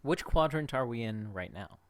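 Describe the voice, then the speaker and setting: A woman's voice: extremely low pitch, animated, normal speed. A woman playing a tabletop game, speaking hesitantly and repeating words. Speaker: player. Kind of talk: casual tabletop role-play.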